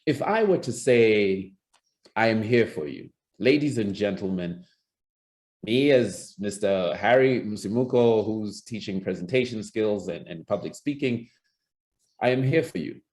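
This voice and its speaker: This public speaking coach's voice is fairly low, expressive, unhurried and a little mellow. Teaching presentation skills in an online lesson over a video call, he chats conversationally, keeps restarting his sentences and acts out sample lines.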